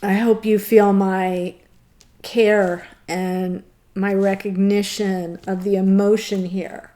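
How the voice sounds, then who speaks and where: A woman's voice: medium pitch, level tone, slow, mellow. A woman giving a tarot reading to camera, gushing and tearful, laughing through her emotion. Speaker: tarot reader.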